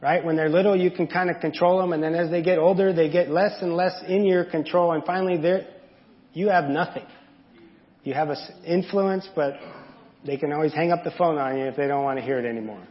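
A man's voice: fairly high pitch, fairly quick. A man giving a candid, conversational sermon to a congregation, asking them questions and adding asides. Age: adult parent. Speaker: preacher. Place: church sanctuary. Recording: dull audio with long hall reverb.

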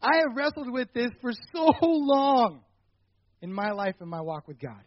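A young man giving a personal faith testimony, telling a story animatedly and getting loud at the dramatic parts. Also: very high voice, a little slow, dry recording, muffled recording. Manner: animated storytelling, rising loud when retelling anger.

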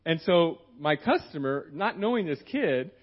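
A middle-aged man with a slightly high voice preaches in church, chatting his way through a story with frequent restarts. The recording sounds dull and muffled, with a lo-fi edge. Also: expressive, a little slow, slightly rough. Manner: rambling and conversational, with many restarts and acted-out quotes. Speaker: guest preacher. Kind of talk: sermon told as a personal story.

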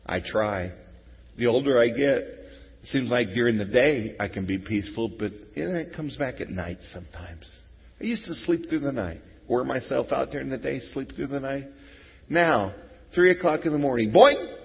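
A middle-aged man preaching an Easter sermon to his congregation, talking conversationally and moving between hushed, intimate passages and loud exclamations. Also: mid-range voice, expressive, moderate pace, vocal fry, husky. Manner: conversational, swings from hushed to shouting. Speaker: pastor. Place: church sanctuary. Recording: dull lo-fi sound with long hall reverb.

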